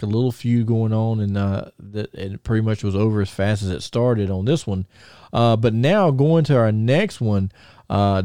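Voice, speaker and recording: A man's voice: mid-range voice, dark tone, dry recording, studio quality. A man hosting a casual podcast, rambling through stories with many fillers and restarts. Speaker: podcast host.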